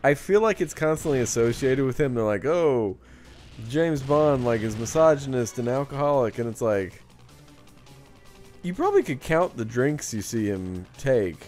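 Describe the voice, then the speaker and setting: A man's voice: medium pitch, sing-song, normal speed, darkish tone, faint music behind. A young man chatting casually and joking while a friend plays a video game. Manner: joking, encouraging, playful banter. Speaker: co-host watching a game playthrough. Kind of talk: casual gaming chat.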